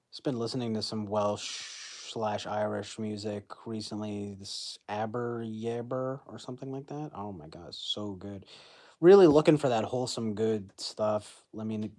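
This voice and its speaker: A man's voice: lowish voice, darkish tone. A young man streaming from his phone, rambling through casual chat with lots of fillers and laughing at his own jokes.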